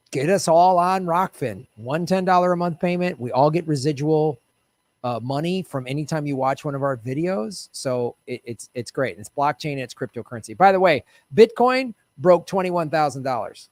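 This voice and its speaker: A man hosts a solo political livestream, with a voice sitting a touch higher than most men's. He rants with exasperation, drops swear words freely, and turns to chat with his viewers. The sound is close and dry, with no room around it. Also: lively intonation, fairly quick, no room sound. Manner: chatty asides to viewers. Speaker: political commentary host.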